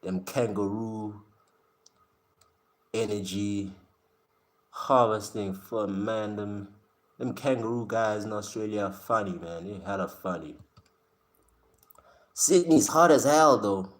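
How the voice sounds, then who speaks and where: A South African streamer speaks slowly in a fairly low voice, pausing often. He chats casually with viewers, joking in slang, laughing often, and talking directly to the chat he's reacting to.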